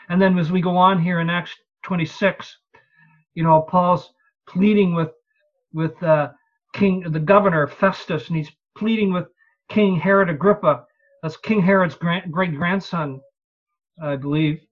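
A preacher giving an expository evening sermon in a conversational way, reading scripture aloud and asking the listeners rhetorical questions. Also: medium pitch. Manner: reads and explains scripture aloud. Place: evening church service. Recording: slightly dull lo-fi recording.

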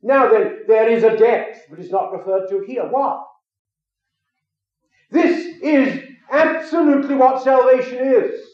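A man's voice: extremely high pitch, measured pace, a little mellow. A man preaching a sermon, telling a story and then rising into emphatic declarations before a gathering. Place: a room with an audience. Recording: very echoey, dull lo-fi recording.

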